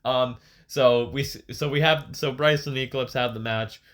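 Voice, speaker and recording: A young man co-hosting a podcast, telling a story in casual, profane, animated chat with frequent laughs. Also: medium pitch, normal speed. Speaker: podcast co-host. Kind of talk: casual chat, retelling a match.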